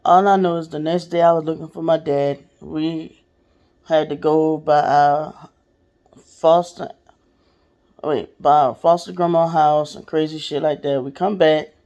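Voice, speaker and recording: A woman's voice: low-pitched, steady tone, a little slow, warm tone, highs cut off. A woman hosting a podcast, telling a personal story in a candid, profane, casual way and speaking straight to her listeners. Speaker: podcast host.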